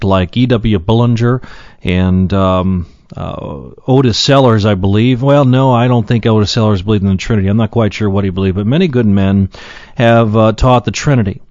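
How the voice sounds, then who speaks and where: A man's voice: lowish voice, darkish tone, dry recording. Man, Bible teacher, earnest sermon delivery, slightly dull dry recording. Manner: earnest, slows to read Scripture aloud.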